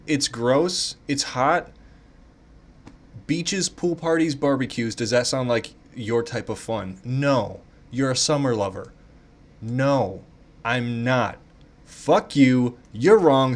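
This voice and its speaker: A man with a mid-range voice does online quizzes while commenting casually and thinking out loud. He swears freely and hams up a sense of mock outrage.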